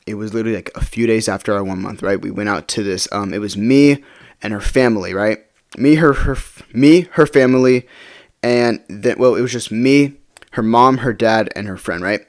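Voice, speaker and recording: A man's voice: on the low side, moderate pace. A young man telling a personal story in a casual vlog, rambling and checking in with the listener with "right?". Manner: rambling, many fillers like "right?".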